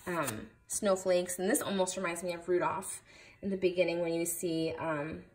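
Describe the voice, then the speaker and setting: A woman's voice: lowish voice, steady tone, normal speed, a little mellow. A young woman showing off craft supplies in a casual vlog, gushing over each item with lots of fillers. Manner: gushing, enthusiastic, many fillers. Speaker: craft vlogger. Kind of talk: casual haul video chat.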